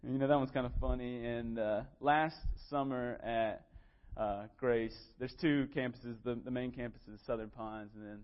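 Man in his 20s, church preacher, earnest storytelling, self-deprecating, mid-pitched voice, slightly muffled audio. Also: steady tone, moderate pace, few pauses, smooth. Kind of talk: sermon with scripture reading. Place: church sanctuary.

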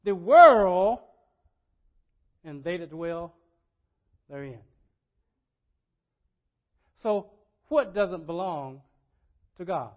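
An older man preaching a sermon as pastor, shifting from quiet asides to loud impassioned pleas and repeating his words with a preacher's cadence. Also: drawn-out words, long pauses. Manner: swings from low asides to loud impassioned crying out. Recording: dull lo-fi sermon recording.

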